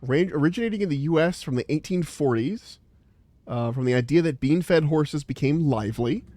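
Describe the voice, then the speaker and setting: A man's voice: on the high side, lively intonation, normal speed, mellow, dry recording. Rambling American man streaming a game. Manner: rambling, chatty, many "like" fillers; laughs easily while playing. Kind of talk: live gameplay commentary and chat.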